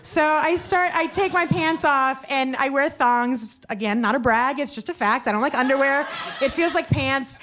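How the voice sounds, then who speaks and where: A woman with a high voice tells a personal story on stage. She talks fast and chatty, piles on fillers and pokes fun at herself. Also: a bit bright. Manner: quick, self-deprecating, chatty with many fillers.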